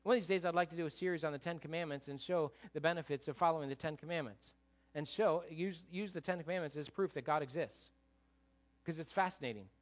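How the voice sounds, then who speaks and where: A man preaching a sermon in a conversational way, with animated, emphatic peaks and frequent asides to the listeners. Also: on the high side, fast talker. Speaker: pastor.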